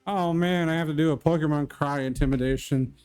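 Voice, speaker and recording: A man's voice: a little high, steady tone, brisk, darkish tone, smooth, soft background music. A man streaming live, chatting casually and answering viewers' comments.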